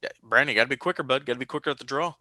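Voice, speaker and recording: A young man hosting a casual podcast, telling stories with lively jumps into high-pitched quoted voices. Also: very fast, no room sound. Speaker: podcast host.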